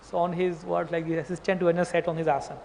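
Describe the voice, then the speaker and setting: High-voiced man giving a scripture class. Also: level tone, quick pace, vocal fry, a little mellow. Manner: hesitant, with frequent restarts. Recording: echoey hall.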